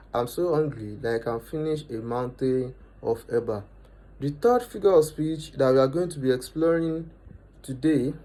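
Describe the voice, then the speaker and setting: A man, teaching a lesson and repeating each definition and example slowly for emphasis. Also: mid-range voice, warm tone, poor audio. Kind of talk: explanatory lesson.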